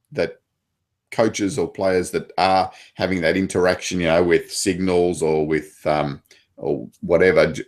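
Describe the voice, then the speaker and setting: An Australian man, a table tennis coach, chatting casually with many fillers and restarts. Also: very deep voice. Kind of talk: casual chat.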